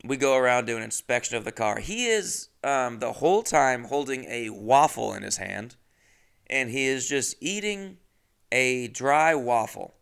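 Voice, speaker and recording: A man spins a rambling comic story in a gravelly voice with frequent fry. His tone is bright and crisp, and his talk is loose, profane and self-mocking. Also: mid-range voice. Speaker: podcast host.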